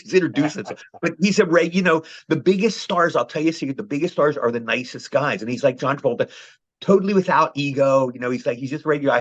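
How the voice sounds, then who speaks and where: A man's voice: fairly high pitch, animated, fast talker. A man, telling rambling anecdotes as the guest of a casual interview. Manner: rambling storyteller, frequent "you know". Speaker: actor guest. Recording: muffled, lo-fi call audio.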